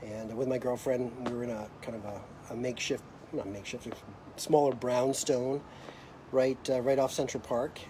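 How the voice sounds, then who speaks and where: A man's voice: mid-range voice, fairly even intonation, moderate pace, noisy background. A middle-aged American man hosting a live video, telling a personal story in a reflective, hesitant way with many fillers and restarts. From United States.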